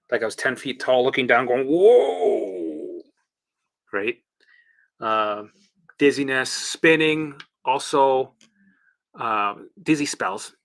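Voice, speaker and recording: A man's voice: mid-range voice, fairly bright tone. A man talking casually as a recovery coach, blunt and swearing freely, acting out his own past reactions. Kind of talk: casual monologue.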